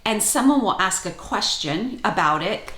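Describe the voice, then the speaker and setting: A woman's voice: medium pitch, expressive, normal speed, bright, forceful tone. A woman co-hosting a casual faith podcast, speaking thoughtfully and personally. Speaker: podcast co-host. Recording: roomy echo.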